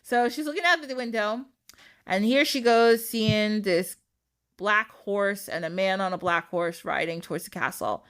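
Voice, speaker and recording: A young woman hosting a podcast, retelling a fairy tale in an animated, casual way, swearing freely and acting out the quotes. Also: mid-range voice, unhurried, clean tone. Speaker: podcast host. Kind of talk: casual storytelling.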